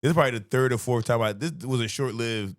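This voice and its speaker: A man's voice: medium pitch, quick pace. A man in his thirties, a comedian hosting a podcast, telling stories in casual chat with lots of swearing and laughter. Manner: profane, laughing, animated storyteller.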